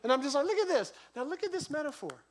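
Pastor, man in his forties, fairly high voice, animated storytelling sermon. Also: fast. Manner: lively storytelling, voice rising and dropping sharply.

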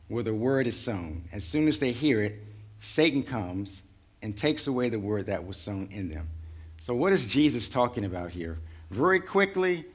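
A man preaching a sermon in a conversational way, building to rising intensity. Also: medium pitch. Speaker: pastor.

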